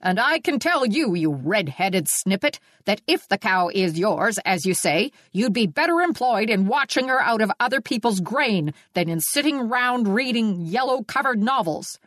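A blustering, irate middle-aged farmer, as a woman reader puts him on in an audiobook, sputtering out old-fashioned scolding with a lively, swooping delivery. The sound is dry and close. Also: medium pitch, normal speed, hardly any pauses, no room sound. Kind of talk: audiobook character reading.

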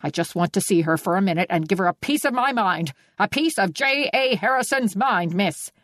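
A woman's voice: medium pitch, animated, moderate pace, a bit bright, no echo, clean studio sound. A woman voicing a blustering, irate farmer. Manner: sputtering, scolding, old-fashioned exclamations. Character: irate middle-aged male farmer, blustering and indignant. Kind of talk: audiobook character reading.

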